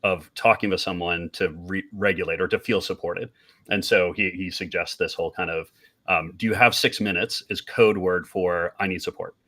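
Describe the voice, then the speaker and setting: A male host leads a casual live panel conversation. His voice is very deep yet bright and crisp in tone. He chats conversationally and backs his guests up with frequent affirmations. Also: steady tone, moderate pace.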